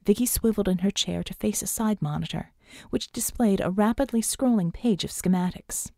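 A woman's voice: medium pitch, fairly quick, creaky, warm tone, no echo, clean studio sound. A woman narrating an audiobook in a tense, dramatic reading. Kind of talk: scripted narration.

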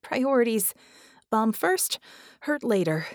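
Young woman fighter, fierce and urgent, higher and louder, voiced by a woman narrator; dry audiobook read. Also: sing-song, takes it slowly, no echo, full character voice. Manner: urgent, clipped and defiant.

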